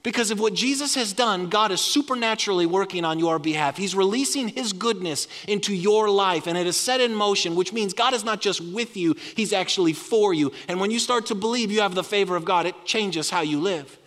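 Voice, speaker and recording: A man's voice: sits high, brisk, hardly any pauses, fairly bright tone. A man preaching a sermon as pastor, leading the congregation in call-and-response. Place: large church hall. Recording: long hall reverb.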